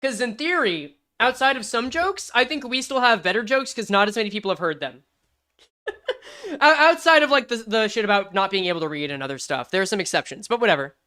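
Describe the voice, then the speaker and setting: Woman streamer, lively up-and-down voice, slightly high, casual and profane. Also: brisk. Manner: animated, swears, reads game lines aloud. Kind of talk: casual game commentary.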